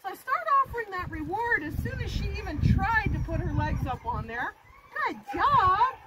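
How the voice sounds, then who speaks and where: Very high-voiced woman training a puppy. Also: lively intonation, brisk, very noisy. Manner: cheerful praise and coaxing sounds to a puppy between explanations. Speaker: dog trainer. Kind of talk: instructional video with live puppy training.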